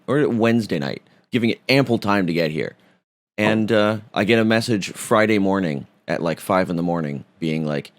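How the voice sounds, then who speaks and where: A man's voice: low voice, no room sound. A man co-hosting a podcast, telling a story in casual chat with profane, sarcastic humor. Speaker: podcast co-host.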